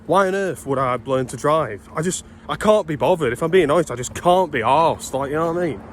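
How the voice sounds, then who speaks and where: Walking outdoors along a street, the British vlogger in his twenties tells exasperated, swearing stories in a casual rant. His voice is a little high with lively intonation and a fairly quick pace, and a faint hiss or hum sits in the recording.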